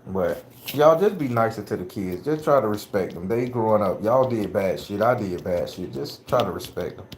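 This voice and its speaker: A man's voice: on the low side, lively intonation, normal speed, slight background noise. A blunt, profane middle-aged man talking casually to his viewers, laughing easily. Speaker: spiritual vlogger and father. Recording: echoey room.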